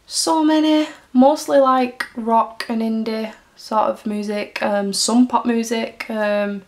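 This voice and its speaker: A woman's voice: fairly high pitch, steady tone, takes it slowly, darkish tone. A young woman from Greater Manchester with a Mancunian accent, chatting casually and giggling as she answers fan questions in a vlog. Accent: Mancunian English. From Greater Manchester, England. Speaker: YouTuber.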